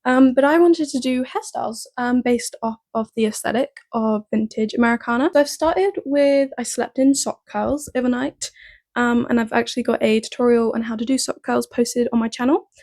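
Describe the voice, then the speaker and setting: A woman's voice: on the high side, normal speed, darkish tone. Chatty young woman with morning voice. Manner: chatty, filler-heavy, upbeat. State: morning voice, just woken. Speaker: hair tutorial vlogger. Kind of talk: casual tutorial chat.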